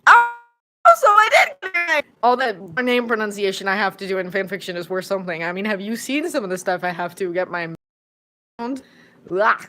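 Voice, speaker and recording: Chatty woman streaming from home. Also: mid-range voice. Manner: chatty, rambling, with quick bursts of excitement. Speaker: fanfiction audiobook narrator and streamer. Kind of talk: casual live-stream Q&A chat.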